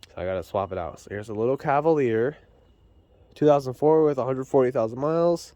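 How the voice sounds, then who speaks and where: A man's voice: mid-range voice, fairly quick, warm tone, no echo. A man rambling casually while fixing a car in his garage, filming on a handheld phone camera. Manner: rambling, self-deprecating, chatty. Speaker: vlogger. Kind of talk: casual chat.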